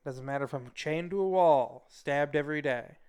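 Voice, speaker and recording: A man's voice: a little high, moderate pace, darkish tone, clean tone. A young man hosting a casual talk show from a VR chat space, rambling and joking through silly made-up scenarios. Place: VR chat room, at home.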